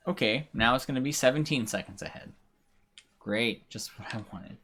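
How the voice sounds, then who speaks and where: A man's voice: medium pitch, lively intonation, moderate pace, fairly bright tone. A man giving casual, rambling commentary while live-streaming a racing game, grumbling and swearing at it. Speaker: livestreamer.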